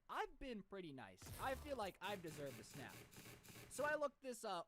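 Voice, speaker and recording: A man's voice: high-pitched, background noise. A man in his twenties telling a story-time vlog in an exasperated, ranting way. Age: 20s.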